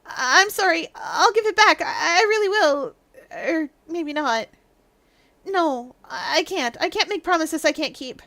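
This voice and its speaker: A woman's voice: very high-pitched, animated, a little slow, bright, forceful tone, no echo, voice pushed up, exaggerated voice. Woman voicing a stammering timid man. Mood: apologetic. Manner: stammering, nervous, wavering. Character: timid stammering middle-aged man, guilt-ridden. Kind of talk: reading game dialogue aloud.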